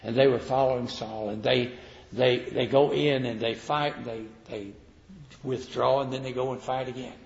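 An older man preaching a sermon in a folksy, animated storytelling manner, acting out the voices he quotes. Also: medium pitch, moderate pace, gravelly. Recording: roomy hall reverb, dull lo-fi sound.

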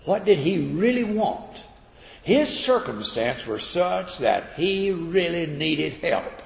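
Folksy gravelly preacher in an echoey hall. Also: male voice, a little high, big pitch swings, slow pace. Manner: folksy, conversational storytelling. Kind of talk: sermon. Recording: echoey hall, dull lo-fi sound.

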